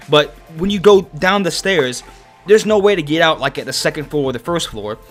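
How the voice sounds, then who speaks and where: Young male host, profane and animated storyteller, slightly high voice. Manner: animated, profane, acts out his own quoted lines. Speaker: channel host. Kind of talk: casual storytelling.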